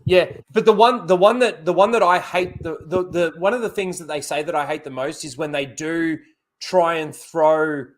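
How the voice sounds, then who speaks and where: Man, high voice, stream host, animated, stumbles over repeated words. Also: normal speed. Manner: animated, repeats words when starting a thought. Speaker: podcast host. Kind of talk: casual live-stream chat.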